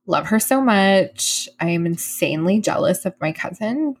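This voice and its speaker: A woman's voice: fairly low pitch, expressive, moderate pace, slightly rough. A woman co-hosting a podcast in casual chat, giggly and gushing, swearing playfully. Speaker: podcast co-host.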